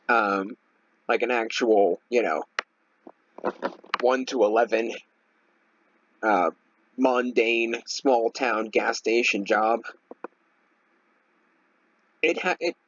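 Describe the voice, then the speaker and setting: A man's voice: mid-range voice, slow, pauses often, slight background noise. Rambling young man, dull home recording. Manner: rambling, irritated, many "like" fillers. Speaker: Let's Play commentator. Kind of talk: casual gameplay commentary and rant.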